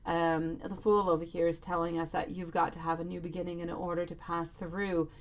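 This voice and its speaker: A woman's voice: on the low side, level tone, fairly quick. A woman giving a live tarot reading and answering viewers in chat, affectionate, calling them sweetie and lovely. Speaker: tarot reader.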